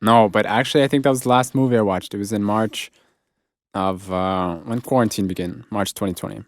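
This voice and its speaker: Deeper-voiced man host, playful and curious, dry close sound. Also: fairly even intonation, brisk, dry recording. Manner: curious, playful, asks lots of questions. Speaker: host, English teacher in Ukraine. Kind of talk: casual interview chat.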